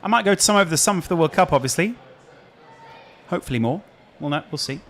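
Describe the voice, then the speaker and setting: A man's voice: fairly high pitch, lively intonation, quick pace, a bit bright. A man with a Scouse accent hosting a casual live stream, chatting and answering viewer questions. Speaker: streamer host.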